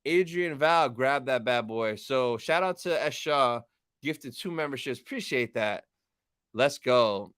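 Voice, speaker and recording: A man's voice: mid-range voice, animated, unhurried, a bit bright, clear, resonant tone, no room sound, studio quality. Chatty man hosting a live stream. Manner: reads chat aloud and thanks viewers, upbeat and chatty. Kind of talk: casual live stream chat.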